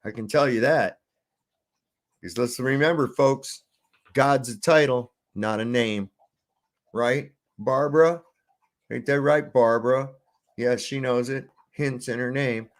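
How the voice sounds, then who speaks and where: A middle-aged man hosts a commentary show in a blunt, crude rant, swearing freely and preaching to his listeners. His pitch sits in an ordinary middle range. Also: slow, pauses often. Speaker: commentary host. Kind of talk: profane ranting commentary.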